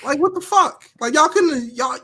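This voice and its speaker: A man's voice: extremely high pitch, animated, normal speed, sharp tone. A man co-hosting a podcast, talking in emphatic, profane, slangy casual banter. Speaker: podcast co-host.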